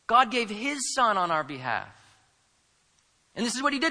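A man preaching a sermon as a pastor, swinging between quiet asides and loud, emphatic lines. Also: extremely high pitch, big pitch swings, moderate pace, pauses often. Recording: preached in a room with long reverb.

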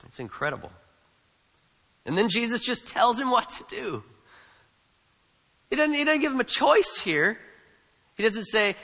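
A pastor with a high-pitched voice preaches at a moderate pace, his pitch swinging widely and his tone pushed and bright. He is emphatic, repeats phrases, and questions the congregation, with a long reverb tail behind him.

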